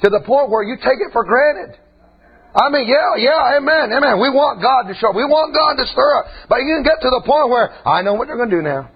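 A man preaching a fiery sermon in a folksy way, dropping to quiet talk and rising to shouts. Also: very high-pitched, animated, a little fast. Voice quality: husky. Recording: dull lo-fi church recording.

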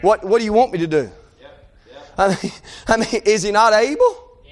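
A man preaching a sermon in a church service, impassioned and building into shouted crescendos. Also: sits high, expressive, moderate pace.

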